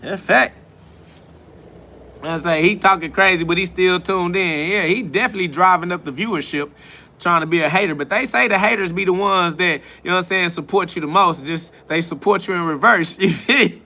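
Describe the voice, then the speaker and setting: A man's voice: high voice, fairly quick, pushed and bright. A man hosting a casual livestream, answering chat comments in a mocking, preachy, profane and rambling way. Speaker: livestream host.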